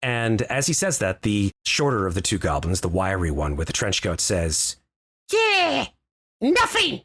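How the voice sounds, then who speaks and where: A man narrating a tabletop game as game master, describing scenes with lively, hesitant storytelling. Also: low voice, moderate pace, breathy edge.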